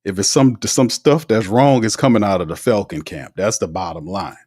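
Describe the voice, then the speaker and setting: A man hosting a casual live sports talk show, reading out viewer comments in an animated, slangy way and laughing often. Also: lowish voice, moderate pace.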